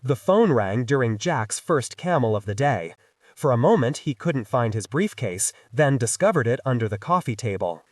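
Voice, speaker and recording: A man narrating a thriller audiobook with a dramatic, expressive delivery. His pitch moves a lot across each line, and the recording is dry and close with no room echo. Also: moderate pace.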